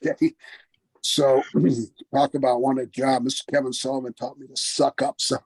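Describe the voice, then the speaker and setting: An older man, a former wrestler, telling a story in an interview in an animated, anecdotal way, acting out the voices of the people he quotes and chuckling often. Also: medium pitch, moderate pace, slightly rough, dry recording, poor audio. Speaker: retired wrestler guest.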